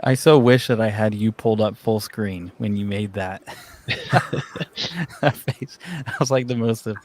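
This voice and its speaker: A man's voice: on the low side, steady tone, a little slow, a little mellow. A man hosting a casual livestream, greeting viewers by name and chatting with his co-hosts. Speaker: livestream host.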